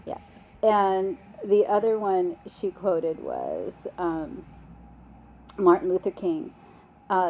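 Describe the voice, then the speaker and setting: A woman meditation teacher giving a gentle, unhurried dharma talk, with soft laughs and fillers. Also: on the low side, very animated, a little hiss or hum.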